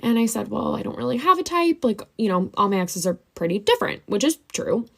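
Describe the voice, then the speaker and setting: Woman, sarcastic storytime, lively pitch, fairly high. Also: fairly quick, vocal fry. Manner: sarcastic, laughing. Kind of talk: storytime monologue.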